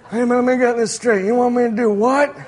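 Abraham: a man putting on a high, eager old-man voice. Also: steady tone, normal speed. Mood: incredulous. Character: 99-year-old man, eager then incredulous.

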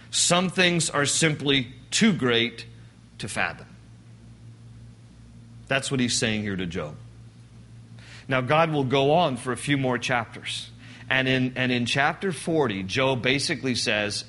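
Casting: male pastor, sermon delivery, bright and forceful voice, fairly high pitch, casual and wry. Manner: conversational, joking, acts out quoted lines.

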